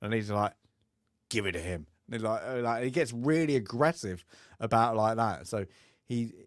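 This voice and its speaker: A man's voice: mid-range voice, normal speed, dry recording. Male podcast host, casual rambling film chat, dry close mic. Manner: rambling, many fillers, acts out film lines with laughs.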